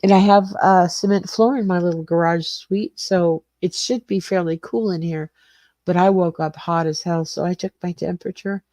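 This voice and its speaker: An older woman talks casually to her livestream viewers, greeting them by name and wandering from topic to topic. Her voice sits low and mellow. The sound is dry and close. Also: fairly even intonation, normal speed, no room sound. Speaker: livestream host. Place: small garage suite with cement floor.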